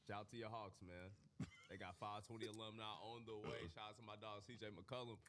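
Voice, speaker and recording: Laid-back low-voiced male host. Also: flat delivery, quick pace, fairly bright tone. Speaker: stream host. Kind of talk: casual chat, sports talk.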